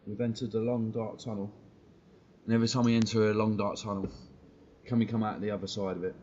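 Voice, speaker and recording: A blunt man ranting on a live stream, swearing and using street slang. His voice sits fairly low. The sound is muffled and lo-fi, with a faint hiss underneath. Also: little pitch movement, quick pace, a little mellow. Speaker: football fan streamer.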